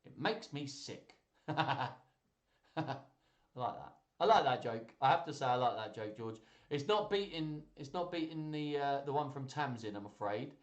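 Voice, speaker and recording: A man's voice: medium pitch, measured pace, roomy sound, lo-fi sound. A man hosting a live children's joke stream, chatting casually and laughing as he reads jokes aloud.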